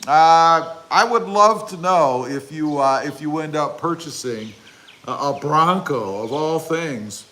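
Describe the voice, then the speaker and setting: A man's voice: on the high side, slow pace, fairly bright tone. A man hosting a casual livestream outdoors, reading chat comments aloud in a rambling, joking way with lots of fillers. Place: outdoors by his truck.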